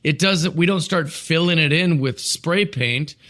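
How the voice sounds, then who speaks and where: A man's voice: on the high side, measured pace, a bit bright. A man co-hosting a wrestling podcast, asking bemused questions in casual talk. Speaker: podcast co-host.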